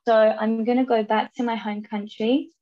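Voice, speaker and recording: A woman from England, a podcast guest, talking things through in halting bursts with repeated words. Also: a little high, flat delivery, dull audio. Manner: halting, repeats words, acts out quoted lines. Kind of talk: reflective conversational interview.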